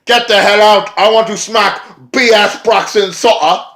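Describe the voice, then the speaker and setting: A man imitating a cocky male wrestler who yells and brags. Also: high voice, steady tone, measured pace, echoey room, voice pushed up. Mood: brash. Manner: brash, yelling.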